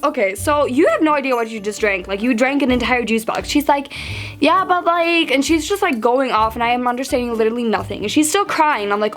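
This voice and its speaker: A teenage girl telling a story to camera in a chatty, animated way, full of fillers and acted-out quotes. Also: a little high. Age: teens. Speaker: vlogger. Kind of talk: storytime vlog.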